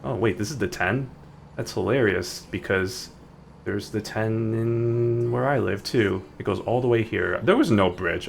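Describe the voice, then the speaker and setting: Low gravelly man chatting while streaming. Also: unhurried, slight background noise. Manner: rambling, chatty, many restarts. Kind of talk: casual gaming stream chat. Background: faint background music.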